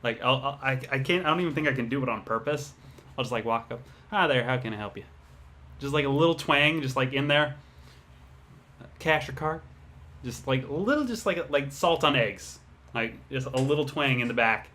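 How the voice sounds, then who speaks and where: A man's voice: mid-range voice, brisk, a little hiss or hum. A man from Oregon co-hosting a podcast, telling stories in an easygoing way and laughing along. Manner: bright, easygoing storyteller, laughs. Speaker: podcast co-host. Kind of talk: casual chat.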